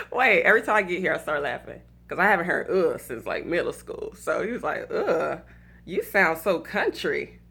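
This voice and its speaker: A woman from Atlanta, Georgia, with a Southern accent tells a personal story and offers relationship advice, chatty and casual, heavy on fillers, laughing at her own tale and adding preachy, faith-based asides. Her voice sits on the low side with big pitch swings, vocal fry, and a husky, pushed, bright quality. She talks at normal speed and pauses often.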